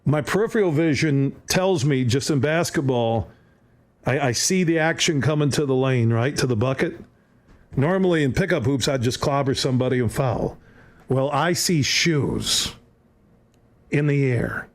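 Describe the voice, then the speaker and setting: Man telling a lively anecdote. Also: mid-range voice, normal speed. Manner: lively anecdote-teller, acts out voices. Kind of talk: animated storytelling.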